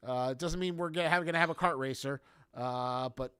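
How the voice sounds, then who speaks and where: A man of middling pitch chats casually on a stream, stumbling over his words and wandering off on tangents. His voice sounds dry and close, with no room around it. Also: bright, forceful tone, smooth, dry recording. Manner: chatty, halting, many fillers and restarts.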